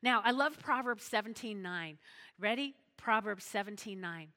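A woman's voice: medium pitch, animated, normal speed, sharp tone, long reverb tail. A woman preaching a chatty sermon, checking in with her listeners often. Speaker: pastor's wife, preacher.

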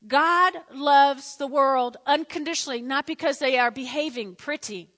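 High, bright-voiced woman preaching. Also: long reverb tail. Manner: animated, repeats phrases, asks the congregation to respond. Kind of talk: sermon. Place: church sanctuary.

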